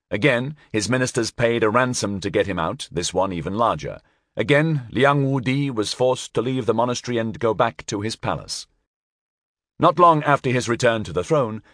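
Animated male history narrator, dry close sound. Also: mid-range voice, no room sound. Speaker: audiobook narrator.

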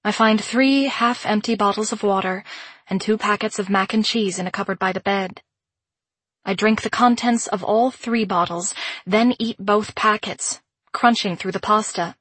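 Brief: woman narrator, slightly husky voice, mid pitch, measured and introspective first-person storytelling. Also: fairly even intonation, a bit bright, no room sound. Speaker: audiobook narrator.

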